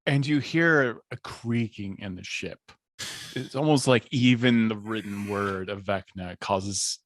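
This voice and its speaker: A man's voice: lowish voice, a little slow, fairly bright tone, no echo. A man narrating a tabletop game as dungeon master, describing the scene and sometimes restarting sentences.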